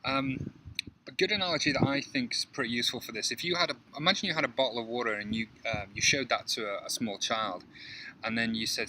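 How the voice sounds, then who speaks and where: A man's voice: medium pitch, fast talker. A man explaining a programming idea in a casual, rambling tutorial with many fillers and everyday analogies. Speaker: programming instructor. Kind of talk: casual coding tutorial talk. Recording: faint background noise.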